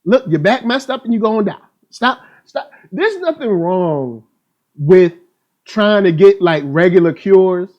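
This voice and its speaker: A man's voice: high-pitched, lively intonation, a little slow, a little mellow, muffled recording. A man hosting a live stream trailer reaction chat, talking in a hype, playful, slang-filled way. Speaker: host.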